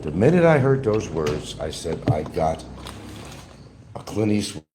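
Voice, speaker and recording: An older man on a livestream, delivering a combative rant that swings between shouting and muttering. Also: low voice, very animated, measured pace, background noise. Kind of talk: ranting livestream monologue. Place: island town, outdoors or at home.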